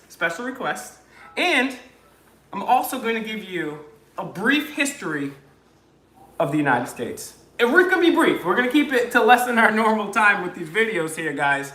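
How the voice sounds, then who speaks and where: A man's voice: high-pitched, very animated, fairly quick, pushed and bright, echoey room. A man hosting a casual livestream, joking, rambling and crude as he talks to viewers. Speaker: livestream host.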